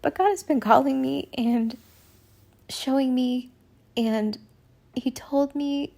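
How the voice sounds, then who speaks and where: A woman earnestly telling a spiritual testimony, halting and searching for words, often softening to a near whisper. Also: high voice, steady tone, vocal fry. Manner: earnest and emotional. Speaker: person sharing a spiritual testimony. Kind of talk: personal testimony monologue.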